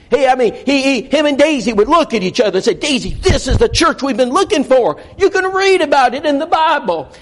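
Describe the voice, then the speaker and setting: A man preaching a sermon, telling a story in an earnest, folksy way and acting out the dialogue. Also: high-pitched.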